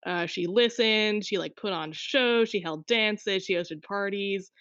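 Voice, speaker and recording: A woman's voice: medium pitch, measured pace, fairly bright tone, clean tone, no room sound, lo-fi sound. A woman player in a tabletop game chatting casually about her character, rambling with restarts and laughing often.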